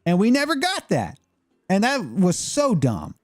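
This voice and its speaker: A man's voice: high voice, huge pitch swings, a little slow, dry recording, studio quality, soft background music. A man chatting casually as a gaming streamer, rambling and opinionated with lots of fillers. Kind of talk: casual chat.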